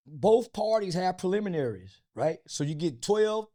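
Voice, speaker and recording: A man's voice: sits high, sing-song, normal speed, warm tone. A man from the United States, an interview guest, talking bluntly and crudely with lots of fillers and restarts. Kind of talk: casual interview talk.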